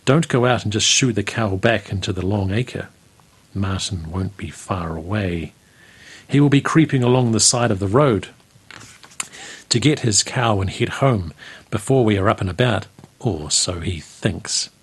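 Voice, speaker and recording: Calm shrewd farmer, read by a man, low husky voice, quiet and measured. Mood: knowing.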